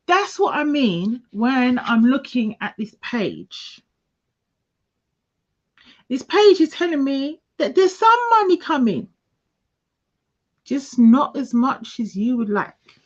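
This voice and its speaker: A woman giving a casual tarot reading, talking slowly through each card as she lays it out. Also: on the high side, sing-song. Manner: slow, musing, talks through each card. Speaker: tarot reader. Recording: dull lo-fi sound.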